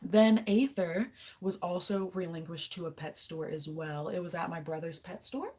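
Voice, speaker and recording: A woman's voice: fairly low pitch, normal speed, dark tone, husky. A young woman hosting a casual livestream, answering viewer questions and cooing affectionately to her pet lizard. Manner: chatty, coos baby talk to her lizard. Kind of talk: casual live-stream chat.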